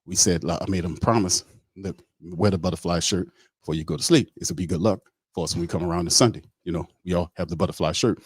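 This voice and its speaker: A man's voice: deep voice, quick pace, husky, dry recording. A man impersonating a rambling, aimless male football coach who trails off into fillers.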